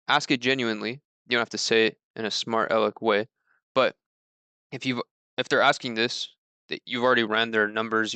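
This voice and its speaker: A man's voice: medium pitch, bright, forceful tone, smooth, dry recording. A man giving a casual training talk on handling client objections, loose and conversational, lifting his voice when reading out sample scripts. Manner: reads sample scripts in a slightly raised voice. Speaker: mortgage sales trainer.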